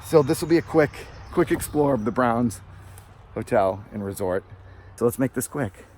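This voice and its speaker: A man narrating his own exploration outdoors, talking casually into a handheld camera at a middling pitch. He rambles from one thing to the next and sounds nervous about being caught. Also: lively intonation, normal speed, a little mellow, slight background noise. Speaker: urban explorer vlogger. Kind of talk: casual walk-through narration. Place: outdoors on abandoned resort grounds.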